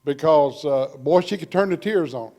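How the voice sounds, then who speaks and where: A man in a church class telling a casual story, halting with fillers. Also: a little high, animated, background noise. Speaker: class member. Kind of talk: casual anecdote.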